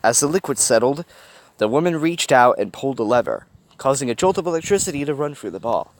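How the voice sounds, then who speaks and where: Lively man reading outdoors. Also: medium pitch, quick pace, rough recording. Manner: lively expressive reading, casual asides. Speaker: fan fiction reader. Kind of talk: storybook reading. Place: outdoors walking a dog. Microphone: handheld recorder. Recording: loud outdoor background noise.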